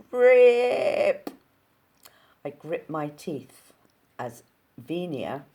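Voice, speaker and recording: A woman reading a novel aloud in an unhurried way, with casual asides to her listeners. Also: rumbling low, a little mellow. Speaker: audiobook reader.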